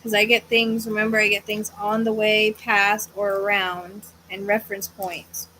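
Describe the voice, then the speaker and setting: A woman's voice: mid-range voice, flat delivery, normal speed, bright, forceful tone, slight background noise, rough recording. A woman hosting a live psychic reading, thinking aloud in a hesitant, searching way and sounding tired. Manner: hesitant, searching, trailing off into self-corrections. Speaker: psychic medium host.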